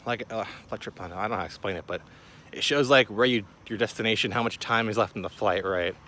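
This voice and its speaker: A young man casually telling a rambling travel story, full of slang and fillers, his voice jumping higher when he recalls panicking. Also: quick pace, sharp tone. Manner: rises in pitch when retelling panic. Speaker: vlogger.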